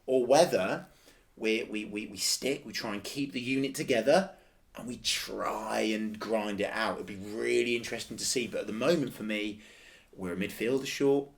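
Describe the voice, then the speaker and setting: A man's voice: fairly low pitch, normal speed, gravelly. A man co-hosting a podcast, talking football in a casual, passionate and defensive way, repeating phrases for emphasis. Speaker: podcast co-host.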